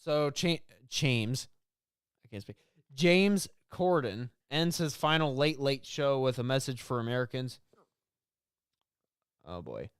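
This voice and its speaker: A man's voice: medium pitch, animated, slow, long pauses, clean tone, no echo, studio quality. A man co-hosting a casual podcast, reading news headlines aloud and joking, laughing often. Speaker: podcast co-host.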